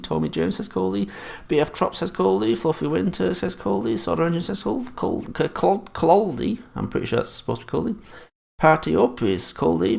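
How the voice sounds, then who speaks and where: Gravelly man hosting a live quiz. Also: a little high, darkish tone. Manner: swears often and teases the chat. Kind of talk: live-stream chat reading.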